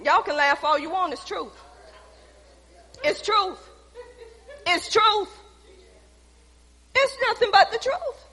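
A woman's voice: extremely high pitch, big pitch swings, takes it slowly, long pauses, sharp tone. A woman preacher delivering a sermon in an emphatic, folksy way, repeating phrases for stress, in a church sanctuary. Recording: long echoey hall reverb.

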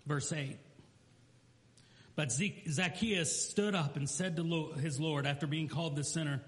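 Male pastor, high pitch, sermon with acted-out quotes, big hall reverb. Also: measured pace. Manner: storytelling preacher who acts out quotes and asides.

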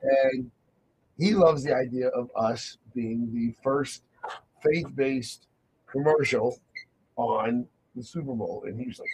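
A man hosting a faith radio talk show, telling a personal story with lively acted-out dialogue. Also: mid-range voice, slow pace, a little hiss or hum, low-quality recording. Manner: animated storytelling, acts out quoted dialogue.

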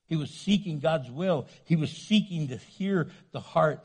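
Man, pastor, sermon, husky voice, lively swinging pitch, loud to hushed. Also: a little slow. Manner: animated preaching, swinging from loud to hushed, acting out quoted voices.

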